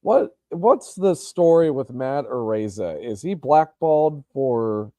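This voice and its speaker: A man's voice: medium pitch, big pitch swings, slow pace, warm tone, no room sound. A man co-hosting a sports podcast, chatting casually and hesitantly, with plenty of restarts and ums. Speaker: podcast co-host.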